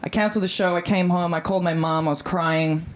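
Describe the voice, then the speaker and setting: A woman's voice: on the low side, steady tone, fast talker. A woman in her thirties with an Australian accent performing a stand-up comedy set in a chatty, breezy way and acting out the voices she quotes. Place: comedy club stage before a live audience.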